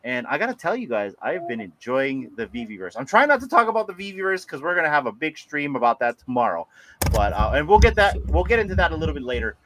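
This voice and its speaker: Lively, laughing male livestream host. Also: on the high side, fast, background noise. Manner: animated, laughs often, greets viewers by name. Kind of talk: casual livestream chat.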